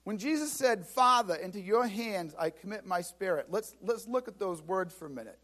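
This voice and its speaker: A man preaching a sermon as pastor, lively and dramatic, acting out scripture scenes and often repeating words as he restarts. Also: high-pitched, moderate pace. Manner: animated preaching, acts out Bible scenes.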